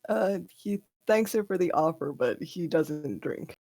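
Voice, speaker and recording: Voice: medium pitch, animated, measured pace, a little mellow, no echo. A player describing their character's actions in a tabletop game, laughing often.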